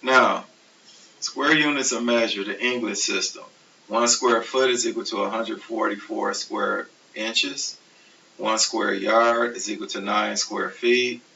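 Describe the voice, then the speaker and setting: A man teaching a recorded math lecture, explaining steps slowly and methodically. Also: on the low side, vocal fry. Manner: steady, methodical explaining, self-correcting. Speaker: math instructor. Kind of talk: recorded lecture over slides. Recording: distant, dull, hissy classroom recording.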